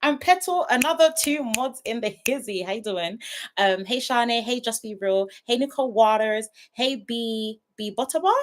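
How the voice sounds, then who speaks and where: A woman's voice: fairly high pitch, moderate pace. A woman, chatting casually on a home livestream and greeting viewers by name. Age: 20s. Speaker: YouTube livestream host. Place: at home, her sister's house.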